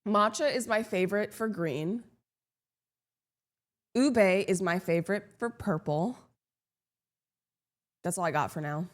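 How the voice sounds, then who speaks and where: A young woman live streaming, chatting casually with her viewers in a sarcastic, deadpan, teasing way. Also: medium pitch, measured pace, long pauses.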